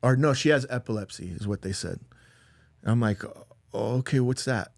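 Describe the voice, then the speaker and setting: A man's voice: mid-range voice, normal speed, vocal fry, dry recording. Man rambling through a personal story. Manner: loose, rambling, with lots of "like" and "dude"; acts out quoted dialogue in a raised voice. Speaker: podcast guest.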